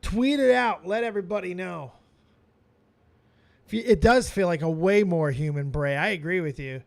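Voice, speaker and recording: A man hosting a live stream, giving excitable watch-along commentary with frequent exclamations and swearing. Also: high voice, normal speed, creaky. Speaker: streaming host reacting to wrestling.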